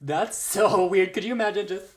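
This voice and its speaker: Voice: mid-range voice, normal speed. A podcast co-host reacting to the story in casual chat, with jokey quips.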